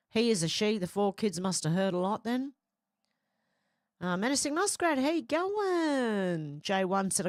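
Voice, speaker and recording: A woman's voice: mid-range voice, no echo, studio quality. Middle-aged woman reading chat. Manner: reads viewer comments aloud, chatty, laughs often. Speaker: livestream host reading chat. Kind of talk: casual chat.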